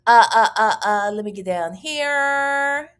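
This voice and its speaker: A woman's voice: a little high, slow, a bit bright, smooth. A woman hosting a casual livestream, chatty and profane, reading out viewer messages and thanking them. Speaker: livestream host.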